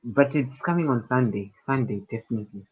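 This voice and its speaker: An agreeable man co-hosts a casual chat, hedging with fillers like "you know". His voice is slightly husky, and the recording sounds a little dull. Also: medium pitch, fairly quick.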